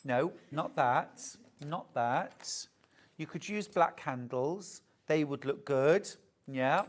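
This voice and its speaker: Low-voiced British woman, middle-aged, chatty live shopping-channel host. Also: animated, slow pace. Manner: chatty, gushing over fabrics.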